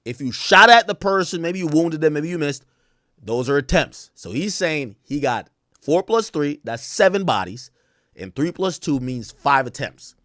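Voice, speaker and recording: A man's voice: a little high, animated, normal speed, fairly bright tone, dry recording, studio quality. A man hosting a live stream, rambling casually with lots of "like" and "you know" while he explains street slang to his viewers. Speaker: stream host reacting to rap songs.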